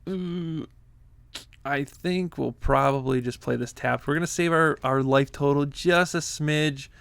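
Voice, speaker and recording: A man's voice: on the high side, unhurried, creaky, a bit bright, smooth, dry recording. A man giving live commentary on his own card game play, chatty and easily flustered, laughing often. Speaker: gaming content creator.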